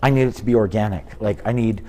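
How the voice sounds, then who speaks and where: A man in his fifties, a comedian chatting in an interview, telling animated stories and slipping into impressions. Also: lowish voice, fast. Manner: animated storyteller, drops into impressions. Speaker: comedian guest. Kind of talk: casual interview chat.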